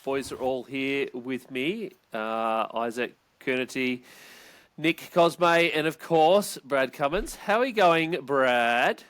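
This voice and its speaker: A man's voice: mid-range voice, expressive, takes it slowly, a bit bright, smooth. An Australian man hosting a casual sports podcast from his garage, joking and laughing easily between remarks. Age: adult. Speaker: podcast host.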